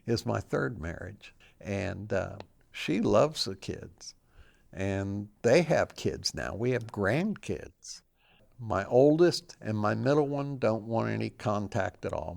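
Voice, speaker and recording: A man's voice: on the low side, creaky, darkish tone. An older man, a guest in an interview, telling his personal story in a plain-spoken, reflective way.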